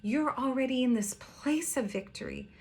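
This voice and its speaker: A woman voicing a tender, loving heavenly father who speaks gently and reassuringly in a sermon. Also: very high-pitched, normal speed, pitched above the performer's own voice. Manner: gentle, reassuring, softly spoken.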